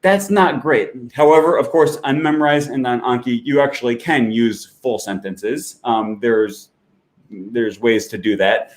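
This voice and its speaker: A man's voice: medium pitch, a little slow. Guy explaining study apps, casual and chatty, lots of uhs, clicking around while he talks. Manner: relaxed, chatty, with filler words and self-corrections; walks through an app on screen while talking. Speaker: language-learning channel host.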